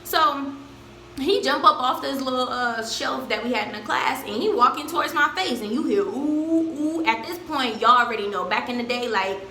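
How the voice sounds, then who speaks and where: A young woman vlogger telling a story in a casual, slangy way, with loud acted-out quotes. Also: a little high, moderate pace, roomy sound, a little hiss or hum. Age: young adult. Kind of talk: storytime vlog.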